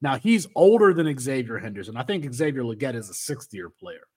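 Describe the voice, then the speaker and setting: A man's voice: mid-range voice, big pitch swings, a little fast, husky. A man hosting a sports podcast in casual chat, rambling with many restarts. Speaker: podcast host.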